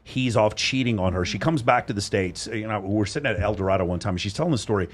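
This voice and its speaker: A man's voice: lowish voice, fast talker, slightly rough. A man hosting a casual panel chat in a studio, blunt and profane, telling stories with emphasis. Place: recording studio.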